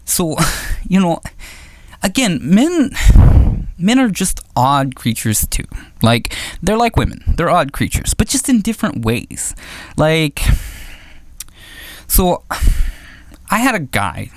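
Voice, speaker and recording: Female stand-up comic, chatty and scattered, lively swooping delivery, dry sound. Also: fairly low pitch, slow, pauses often, no echo. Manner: rambling, full of "like" and "you know", laughs at her own jokes; animated, swooping delivery with acted-out quotes. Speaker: stand-up comedian. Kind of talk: stand-up comedy set.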